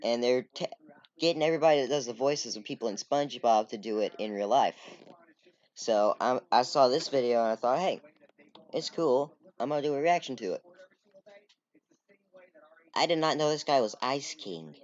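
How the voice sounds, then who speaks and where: A man's voice: medium pitch, normal speed, long pauses, lo-fi sound. A young man casually rambling as he sets up a reaction video. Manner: rambling, self-correcting.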